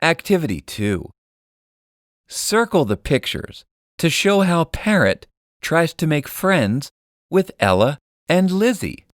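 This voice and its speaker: Sing-song, slow children's story narrator. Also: mid-range voice, sing-song, no echo, clean studio sound.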